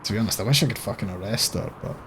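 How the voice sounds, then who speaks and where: A Scottish man commentating on a game he is playing, sweary and animated, reacting aloud as he goes. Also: fairly low pitch, very fast, slight background noise. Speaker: gaming streamer. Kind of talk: let's-play commentary.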